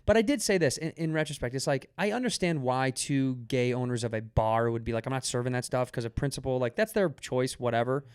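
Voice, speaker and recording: A man hosting a podcast, telling stories in a rambling, animated way with many restarts. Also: mid-range voice, quick pace, few pauses, clean tone, dry recording, clean studio sound. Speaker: podcast host. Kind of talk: casual chat.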